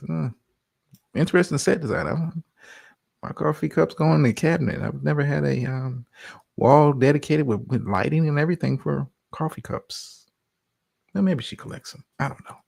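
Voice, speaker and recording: A man's voice: fairly high pitch, normal speed, vocal fry, darkish tone. A man hosting a casual reaction video, playful and laughing often as he talks back to the clip. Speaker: reaction channel host.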